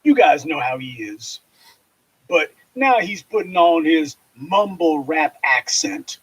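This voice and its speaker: Man, political commentary, husky voice, fairly high pitch, scornful, lecturing. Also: lively intonation, takes it slowly, low-quality recording. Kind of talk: commentary monologue.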